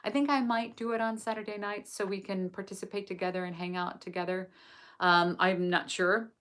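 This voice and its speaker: A woman from England reading a sacred text aloud and then chatting gently and effusively with viewers on a live stream. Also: mid-range voice, steady tone, a little fast. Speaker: host of a live book study.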